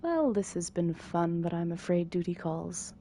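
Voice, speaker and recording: A woman's voice: lowish voice, lively intonation, normal speed, warm tone, a little hiss or hum. A woman voicing a playful, mischievous male alien gardener who puts odd stress on his words.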